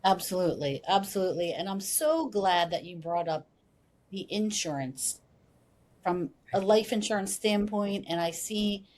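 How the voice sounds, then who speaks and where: A woman's voice: mid-range voice, moderate pace, a little mellow. A woman hosting a podcast interview, affirming her guest and asking follow-up questions. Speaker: podcast host.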